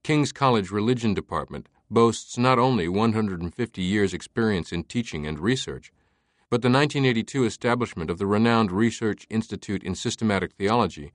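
Male audiobook narrator, measured and even, low-pitched, dry recording. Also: dry recording. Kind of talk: scripted narration.

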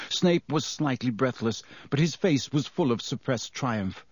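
A man narrating an audiobook in a measured, expressive way. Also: mid-range voice, husky, no room sound.

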